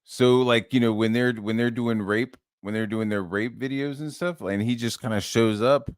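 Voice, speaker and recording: A man's voice: medium pitch, fairly even intonation, moderate pace, hardly any pauses, smooth, no room sound, studio quality. A man hosting a casual podcast chat, rambling and frustrated, with a lot of swearing. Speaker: channel host.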